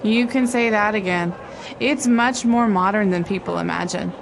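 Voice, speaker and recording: A woman's voice: medium pitch, normal speed, creaky, lightly acted, rough recording. A woman playing a polite, friendly local worker in a scripted small-talk dialogue. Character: friendly young woman who works in the city. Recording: dialogue with vehicle noise behind.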